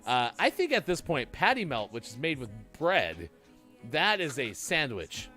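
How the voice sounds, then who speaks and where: Lively, bright-voiced man hosting a morning show. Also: fairly high pitch, soft background music. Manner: playful, jokey, reads segments briskly. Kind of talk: casual morning show banter.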